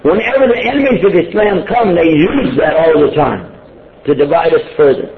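A man's voice: on the high side, normal speed. Man preaching over a tinny line. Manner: conversational and joking, asks the audience questions. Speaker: Muslim preacher. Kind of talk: informal sermon talk. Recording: tinny phone-like sound with faint noise.

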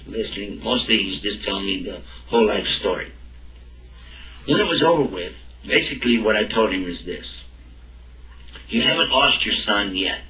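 A man tells a personal story in a talk, acting out both sides of the dialogue in a pushed, bright voice on the low side. The recording is roomy and distant from the mic.

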